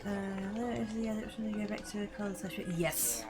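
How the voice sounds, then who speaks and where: Woman, game streamer, lively up-and-down voice, chatty and excitable, game music underneath. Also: mid-range voice, fast talker. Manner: excitable, squealing at her cat and chat, talking to herself. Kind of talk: casual gameplay livestream chatter.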